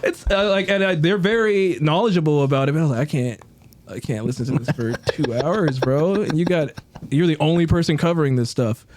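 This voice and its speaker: A man with a slightly high voice rattles off wrestling-promo trash talk in a podcast studio. He clowns around and laughs between lines. It's loose comedy banter. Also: fairly quick. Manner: loud trash-talking wrestling promo delivery with laughing asides. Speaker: guest comedian.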